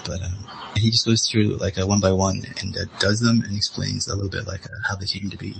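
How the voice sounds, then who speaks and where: Man, low gravelly voice, loud background noise, laid-back rambler in a group chat. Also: level tone, brisk. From United States. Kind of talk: casual online group chat. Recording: noisy background hiss.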